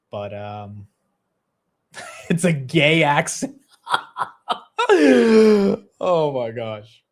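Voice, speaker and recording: A young man hosting a live stock market stream, chatting casually and laughing at himself. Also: medium pitch. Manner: self-deprecating, quick-shifting, laughs at himself.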